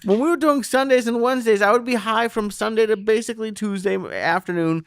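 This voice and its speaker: A man's voice: sits high, fairly quick, fairly bright tone, clear, resonant tone. A man co-hosting a podcast, pushing back with wry, defensive banter in casual chat. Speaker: podcast co-host.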